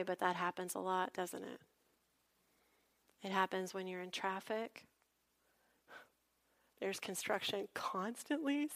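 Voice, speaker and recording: Woman preacher, chatty sermon delivery, mid-range voice, tells stories and talks straight to the congregation. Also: medium pitch. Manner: conversational, animated storytelling with asides to the congregation. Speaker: pastor.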